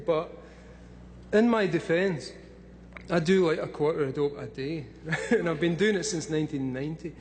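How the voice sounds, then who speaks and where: Brief: drunk Scottish man in his thirties, high and loud, swearing through a live speech over a faint hum. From Scotland. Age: 30s. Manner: loud, swearing, laughing between lines. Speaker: convention speaker. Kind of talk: profane live talk to an audience.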